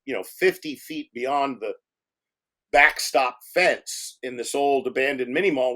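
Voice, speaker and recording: A man, a film director, telling animated anecdotes in a casual interview, swearing freely and acting out other people's voices. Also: medium pitch.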